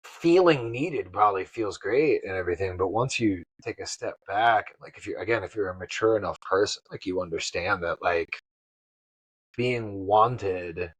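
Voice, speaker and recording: A man's voice: low-pitched, normal speed, breathy edge, no echo, low-quality recording. A man co-hosting a podcast in a blunt, joking way, swearing casually. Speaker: podcast co-host. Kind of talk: casual chat.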